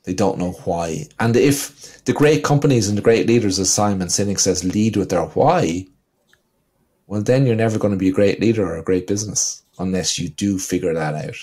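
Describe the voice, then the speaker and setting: Husky Irish man on a podcast. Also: low-pitched, normal speed, darkish tone. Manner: storytelling, leans on "you know". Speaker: podcast co-host. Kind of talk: casual podcast chat.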